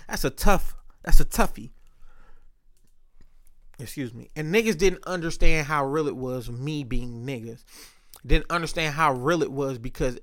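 A man's voice: a little high, measured pace, a bit bright. A man talking in a casual monologue, rambling, profane and often interrupting himself.

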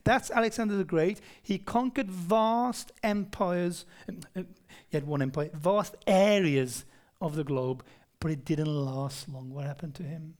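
A man's voice: a little high, a little slow, a little mellow. A man preaching a Bible-study sermon in a conversational style, often putting questions to the congregation. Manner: conversational, asks the congregation questions, frequent restarts.

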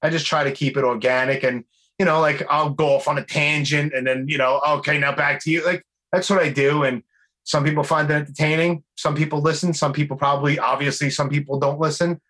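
A man's voice: on the high side, steady tone, brisk, a bit bright. A man with a Brooklyn accent hosting a podcast, chatting loosely, swearing casually and going off on tangents. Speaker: podcast host. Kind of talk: casual chat.

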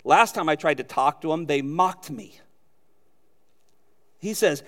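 A man preaching from the pulpit in a fairly high voice. He is animated and acts out quoted voices as he teaches. The sound has a long reverberant tail. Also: measured pace, long pauses. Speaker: pastor. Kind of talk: sermon.

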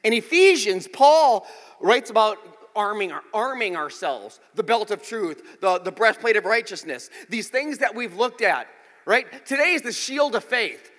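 In a reverberant church auditorium, a man in his forties preaches as pastor, weaving in humorous stories with voiced quotes. He speaks a little slowly in a high, expressive, fairly bright voice.

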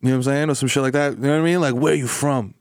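A young man co-hosting a podcast, joking and cursing in loud, animated casual chat. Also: medium pitch, very fast, dry recording, studio quality. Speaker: podcast co-host.

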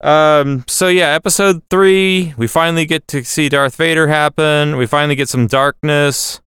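A podcast co-host explains and corrects details during casual chat. His voice is fairly high-pitched, bright, clear and resonant, with a steady tone and moderate pace. The studio-quality recording has no room sound.

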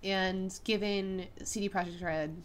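A woman co-hosting a podcast in casual chat, earnest and opinionated, quick to laugh. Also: mid-range voice, steady tone, slight background noise. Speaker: podcast co-host.

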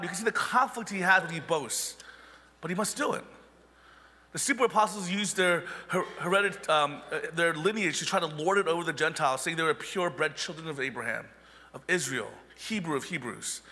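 Casting: high-pitched male pastor, conversational sermon, reverberant church hall. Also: animated, fairly quick, sharp tone. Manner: conversational preaching with wry asides.

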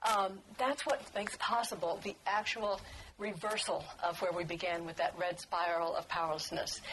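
An older woman, a book author, telling stories at a talk in a lively, laughing way. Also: mid-range voice, a little hiss or hum, poor audio. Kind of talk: storytelling talk.

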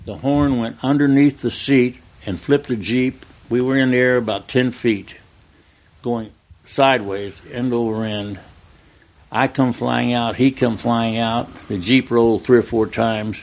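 An older man, a retired stuntman, telling a long anecdote in an interview, acting out the dialogue in plain, relaxed speech. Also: medium pitch, unhurried. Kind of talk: storytelling in an interview.

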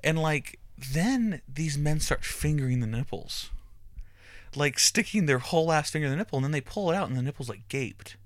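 A man's voice: fairly high pitch, expressive, moderate pace, no room sound, studio quality. A young adult man hosting a podcast, telling a crude comic story in a rambling, profane way and often breaking into laughs.

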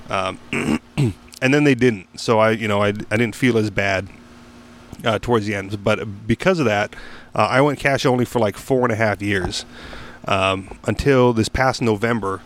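A man with a fairly low voice talks through a long story in a relaxed podcast chat. He stops and restarts often, fills gaps with "um" and "like," and swears casually along the way. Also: normal speed. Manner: rambling storyteller with many restarts and fillers. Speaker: podcast host.

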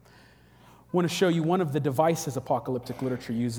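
A man preaching a sermon, telling stories with animated, acted-out quotes. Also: medium pitch, fairly quick, in a large hall, a little hiss or hum. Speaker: pastor. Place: church hall.

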